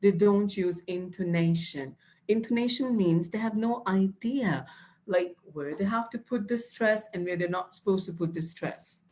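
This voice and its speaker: A woman with a medium-pitched, slightly mellow voice runs a live online IELTS exam-prep class at a measured pace. She gives instructive tips, answers the chat and calls her students "dear."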